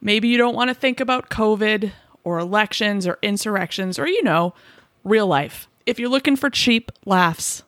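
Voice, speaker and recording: A woman in her forties from the Boston suburbs co-hosts a comedy podcast. She teases playfully and jumps in with quick remarks in a mid-pitched voice. The recording is dry and close. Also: a bit bright, no echo. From Boston suburbs, USA. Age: 40s. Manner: playful, teasing, quick interjections. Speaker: podcast co-host. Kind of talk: casual comedic podcast banter.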